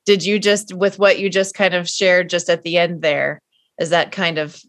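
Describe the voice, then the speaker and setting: A woman's voice: on the low side, level tone, moderate pace. A woman hosting an interview, who asks questions in a casual way and keeps affirming her guest with short yeses. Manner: warmly affirming, gives frequent short yeses. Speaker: interview host.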